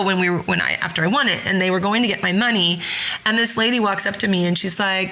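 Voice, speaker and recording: A woman hosting a podcast, telling a story in a rambling, excited way and often correcting herself mid-sentence. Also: medium pitch, a little fast, poor audio. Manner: rambling, with frequent self-corrections and fillers. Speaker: podcast host. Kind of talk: casual storytelling.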